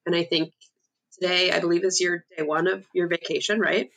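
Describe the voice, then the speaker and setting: Gravelly, bright-toned woman podcast co-host. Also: fairly low pitch, little pitch movement. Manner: reassuring, reflective, quick to laugh. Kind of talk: casual chat over a remote call. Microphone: remote call.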